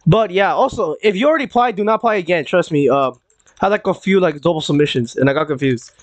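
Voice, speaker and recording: A young man chats his way through a live game stream, stumbling over his words and circling back with lots of "like" and "uh." His voice sits a touch high for a man. The sound is close and dry, with no room around it. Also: animated, fast, dry recording. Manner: rambling, repeats himself, many fillers and restarts. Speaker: gaming streamer. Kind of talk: casual live-stream chat while gaming.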